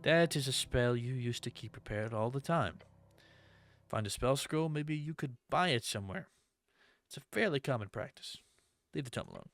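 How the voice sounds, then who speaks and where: Man reading game text aloud, quick reactions. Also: medium pitch, expressive, fairly bright tone, dry recording. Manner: reads the game's narration aloud and breaks off into quick dramatic reactions. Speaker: gamer playing a game demo.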